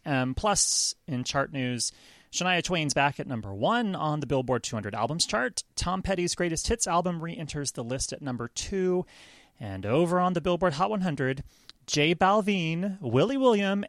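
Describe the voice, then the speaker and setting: Man, podcast host, animated, chatty, restarts, dry close mic. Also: on the high side, no room sound. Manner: chatty, lots of ums and restarts. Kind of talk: casual podcast chat.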